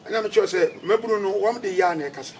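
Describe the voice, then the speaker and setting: Fast-talking preacher, distant mic. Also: male voice, sits high, a little hiss or hum. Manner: emphatic, repeats key phrases. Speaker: religious leader guest. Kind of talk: interview answers, preaching. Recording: distant mic with loud rooster and birds. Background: roosters and birds.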